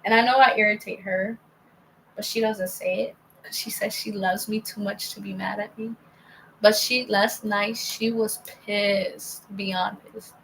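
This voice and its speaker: Gravelly young woman rambling a story. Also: medium pitch, steady tone, a little slow, slight background noise, low-quality recording. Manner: rambling, frequent "like" and "bro", dips into hushed near-whispers. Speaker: vlogger. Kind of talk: casual storytelling monologue.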